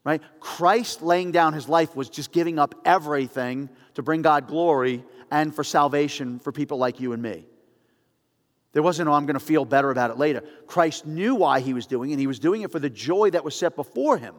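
Conversational pastor in a reverberant hall. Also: male voice, fairly high pitch, moderate pace. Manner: storytelling, conversational, animated asides. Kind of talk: sermon.

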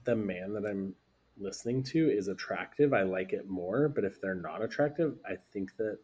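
A man's voice: lowish voice, animated, moderate pace, a little mellow, slightly rough. A man from the United States co-hosting a podcast, chatting casually and rambling with lots of fillers. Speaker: podcast co-host. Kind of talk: casual chat.

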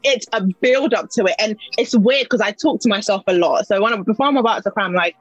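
Young woman, husky voice, dry close sound, faint music under; open and emotional casual chat. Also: mid-range voice, quick pace, dry recording, highs cut off. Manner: candid, emotional, often voices her own inner talk.

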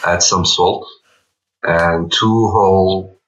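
Male co-host, very low pitch, sharp timbre, dry remarks, dull lo-fi recording. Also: fairly even intonation, slow. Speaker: podcast co-host. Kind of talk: casual chat.

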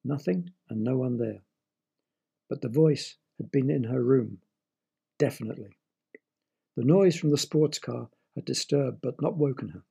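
A man narrating a short story in a measured, expressive storybook reading. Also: mid-range voice, vocal fry, husky.

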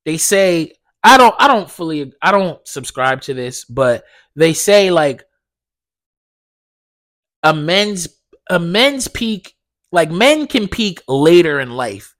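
A young man hosting a podcast, telling a dream story in a casual, animated way, swearing a lot and acting out the dialogue. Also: on the high side, slow. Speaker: podcast host.

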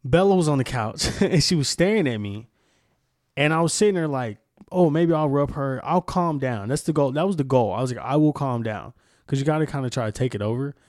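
A man's voice: mid-range voice, animated, fast, a little mellow, dry recording, clean studio sound. A young man hosting a casual podcast, telling a story in a candid, rambling way with lots of swearing. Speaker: podcast host.

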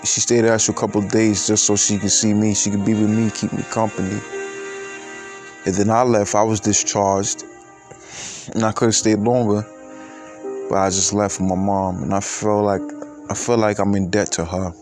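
A man of twenty-eight telling a personal story in a halting, reflective way, with many fillers and restarts. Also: fairly low pitch, little pitch movement, a little mellow, soft background music. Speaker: podcaster.

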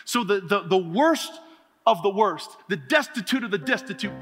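A high-pitched man with a bright, forceful voice preaches a lively sermon as a pastor, mixing funny stories with emphatic calls. His voice rings out in a reverberant hall with faint music underneath. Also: normal speed, breathy edge. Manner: animated, humorous storytelling with laughter. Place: church sanctuary.

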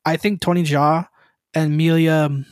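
A slightly high-voiced man co-hosting a casual gaming podcast, rambling through rants with frequent swearing and laughter. His voice sits close and dry on the mic. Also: flat delivery, unhurried, a little mellow, no echo. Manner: profane, rambling, laughs often. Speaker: podcast co-host.

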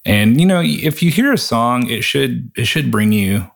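A man talking through a worship song and Bible passages in a casual, thoughtful way, often pausing and restarting his sentences. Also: mid-range voice, expressive, vocal fry. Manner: thoughtful, halting with frequent restarts and fillers. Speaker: podcast co-host reviewing a worship song.

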